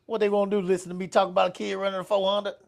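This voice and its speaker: A man's voice: high voice, little pitch movement, rapid-fire, gravelly. A middle-aged man hosting a casual podcast chat, profane and joking, stammering and laughing often. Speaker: podcast host.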